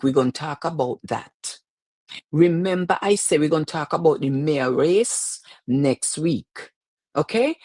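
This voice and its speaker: A woman's voice: on the low side, darkish tone, no echo. Chatty woman hosting a livestream. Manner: chatty and preachy, greets viewers. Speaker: host of a live-streamed talk show. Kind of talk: casual livestream monologue. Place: lives in New York.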